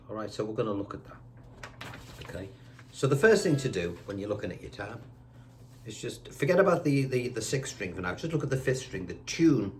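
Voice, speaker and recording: A man's voice: on the low side, a little mellow. A man teaching a guitar lesson, chatty and reassuring, counting notes aloud while seated indoors. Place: indoors, seated on a squeaky chair.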